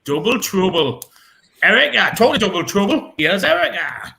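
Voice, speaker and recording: A British man hosting a comedy pun contest with a high, bouncing voice. His tone is bright and gravelly, and he stretches his words out in a playful way. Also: very animated. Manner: playful, laughing, drawn-out words. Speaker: comedy show host.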